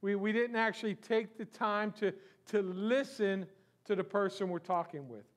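A man with a notably high voice delivers a sermon in a church. He preaches in a loose, conversational way and keeps asking the congregation questions. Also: normal speed. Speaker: pastor. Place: church sanctuary.

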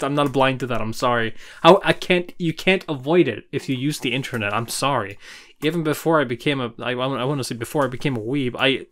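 A host reacting to an anime in casual commentary, excitable, swearing and laughing often, with the show's audio faintly behind. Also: mid-range voice.

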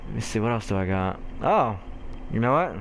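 A young man giving loud, profane gameplay commentary, often swearing and laughing as he plays. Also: lowish voice, big pitch swings, fairly quick, vocal fry, slight background noise, rough recording. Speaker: gamer.

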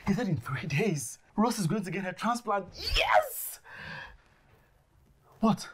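A man's voice: high voice, wildly swooping pitch, husky, full character voice. A jumpy young man. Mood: excited. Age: young adult. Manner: exasperated, quick to flare up. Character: jumpy young man faking a kidnapping, hot-tempered. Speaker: fake kidnapper. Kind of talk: film drama acting.

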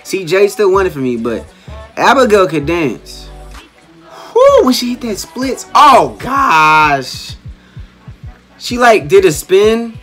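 A man's voice: sits high, huge pitch swings, slow, sharp tone, faint music behind. A man reacting to a dance video on his channel, calling out exclamations and playful slang as he watches. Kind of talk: excited reaction commentary.

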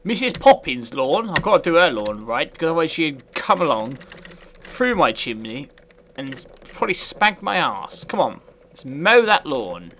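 A man's voice: a little high, sing-song, moderate pace. A man doing a comedic game review in a put-on posh voice, sarcastic and full of swearing. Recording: dull lo-fi recording with faint hiss.

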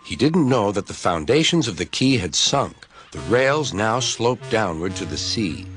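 A man narrating a children's story with a highly animated, wide-ranging voice. He tells it steadily and clearly. Music plays clearly beneath the narration. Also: unhurried. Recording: music playing underneath.

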